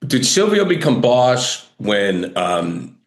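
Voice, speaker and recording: A man's voice: medium pitch, very animated, slow pace, roomy sound. A man hosting an interview, talking enthusiastically and rambling with many fillers. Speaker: podcast host. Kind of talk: interview conversation.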